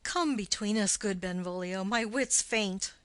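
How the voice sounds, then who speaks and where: A woman reading the part of a witty, mocking young male nobleman in an audiobook, with quick, playful, teasing delivery. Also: mid-range voice, fairly bright tone, no echo, close to an everyday voice.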